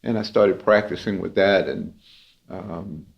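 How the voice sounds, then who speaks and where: Low-voiced New man telling stories. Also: unhurried, creaky. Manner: relaxed, reflective anecdotal telling with fillers. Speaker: jazz clarinetist and historian, interview guest. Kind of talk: storytelling in an interview. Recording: muffled lo-fi podcast audio.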